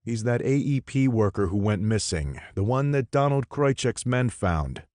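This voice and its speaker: A man's voice: medium pitch, lively intonation, normal speed, darkish tone, dry recording, studio quality, pitched above the performer's own voice, lightly acted. A man voicing a determined, blunt male team leader in an audiobook, firm and clipped.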